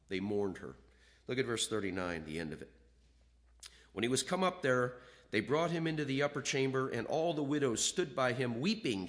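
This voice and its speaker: A man preaching a sermon, reading scripture aloud and acting out the voices of the people in it. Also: medium pitch. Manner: animated, acts out quoted voices, reads scripture aloud.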